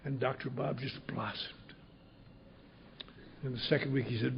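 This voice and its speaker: A man's voice: medium pitch, steady tone, normal speed, creaky, pauses often, husky, highs cut off. An older man speaking at a recovery convention, telling a story bluntly with salty humor. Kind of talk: storytelling talk. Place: convention hall.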